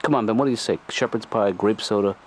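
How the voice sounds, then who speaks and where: A mild, low-voiced cartoon therapist and father, hesitant and deadpan, as a man voices him. He speaks gently, with a faint hiss of noise behind him. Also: quick pace, close to an everyday voice. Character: gentle middle-aged male therapist father, dry.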